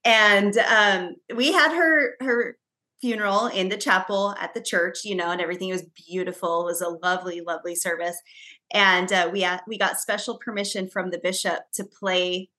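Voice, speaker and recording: Woman podcast co-host, bright tone, rambling casual storyteller. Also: mid-range voice, steady tone, normal speed. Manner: chatty storyteller, frequent fillers and restarts. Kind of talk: casual chat.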